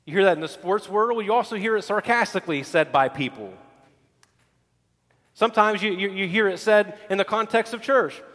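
A man with a high-pitched voice preaches a sermon from a church pulpit. He leans on repeated phrases and restarts, building his points in rhythm. A long reverb from the sanctuary hangs behind his words. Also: animated, moderate pace, fairly bright tone. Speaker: pastor.

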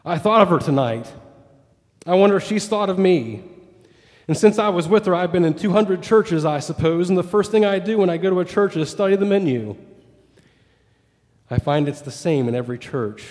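A man's voice: high voice, expressive, normal speed, a little mellow, long reverb tail. A pastor telling a story in a sermon, voicing quoted dialogue as he goes. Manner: retells a story with quoted dialogue, rising and falling with it.

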